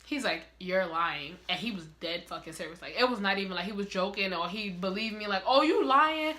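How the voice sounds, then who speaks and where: A young woman telling a story in a casual vlog, animated and heavy on swearing. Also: medium pitch, fast talker. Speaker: vlogger.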